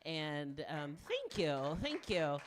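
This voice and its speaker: A woman in her late forties doing a stand-up set, frank and self-mocking, with animated punchlines. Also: low voice, slow, background noise. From Deep South of the US. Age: 40s. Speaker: stand-up comedian.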